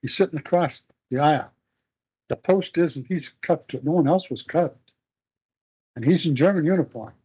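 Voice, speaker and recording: An older man being interviewed, telling a long war memory in a halting, rambling way with many restarts. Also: fairly high pitch, dark tone, breathy edge. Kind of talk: oral history storytelling. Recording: dull lo-fi recording.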